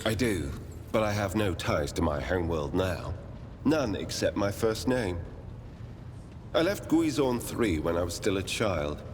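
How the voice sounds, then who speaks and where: A man voicing an aloof, noble-born male psychic who speaks in a measured, reserved way. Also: low-pitched, big pitch swings, a little hiss or hum. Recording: reverberant, clear music behind.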